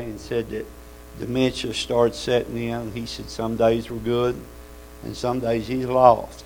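A man's voice: mid-range voice, a little mellow, slight background noise, poor audio. A man preaching a sermon in a folksy, fervent way, calling out amens and hallelujahs.

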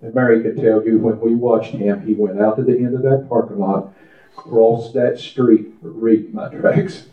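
A man's voice: steady tone, measured pace. A man preaching a testimony sermon in church, telling stories and praying aloud with fervor. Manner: fervent, prays aloud with rising pitch, folksy storytelling. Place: church service. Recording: echoey room over a tinny phone-like line.

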